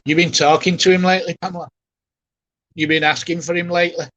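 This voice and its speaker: A man with a fairly high voice gives a live mediumship reading, speaking gently and haltingly as his emotion rises. He softly reassures the person he is addressing. The sound is dry and close, with no room around it. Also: little pitch movement, no room sound, muffled recording. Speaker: spiritualist medium.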